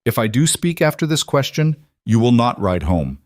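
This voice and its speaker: A man voicing a cold, quiet king. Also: mid-range voice, big pitch swings, no room sound, studio quality, close to an everyday voice. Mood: cold, blunt. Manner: quiet, deliberate, commanding. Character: stern commanding male king, cold and blunt.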